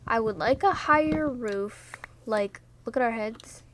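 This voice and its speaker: A woman's voice: on the high side, measured pace, noisy background. A young woman from New York casually chatting and joking while playing a video game, full of fillers, laughs and sudden startles. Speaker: gaming vlogger. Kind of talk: casual gameplay commentary.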